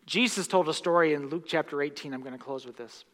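A man's voice: on the high side, quick pace. Impassioned male pastor in reverberant hall. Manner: impassioned, swings from hushed to loud. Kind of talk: sermon. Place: church sanctuary. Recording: long reverb of a church hall.

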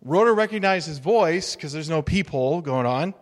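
A male pastor preaching a sermon in a relaxed, humorous, conversational way, acting out little quotes. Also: fairly high pitch, moderate pace. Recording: reverberant hall.

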